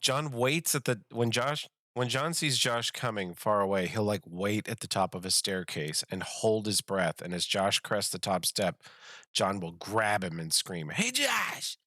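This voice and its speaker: A man's voice: fairly low pitch, fairly even intonation, unhurried, bright, forceful tone, no room sound, studio quality. A man running an online tabletop game as game master, teasing his players and laughing often.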